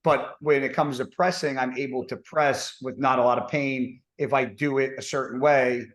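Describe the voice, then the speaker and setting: A man hosts a casual podcast at a mid pitch. He rambles, jokes with his guest and keeps restarting his sentences. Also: fairly even intonation. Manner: rambling, joking, halting restarts. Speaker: podcast host.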